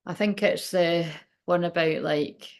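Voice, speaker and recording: A woman's voice: on the low side, fairly even intonation, a little slow, creaky. A woman, giving a casual, rambling tarot reading, swearing freely and laughing often. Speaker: tarot reader and medium.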